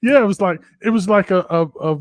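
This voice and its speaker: A middle-aged man co-hosting a podcast from his home office, telling crude stories in an animated, swearing way. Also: high-pitched, fast talker, a little hiss or hum. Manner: profane, animated storyteller. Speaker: podcast co-host. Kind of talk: casual chat.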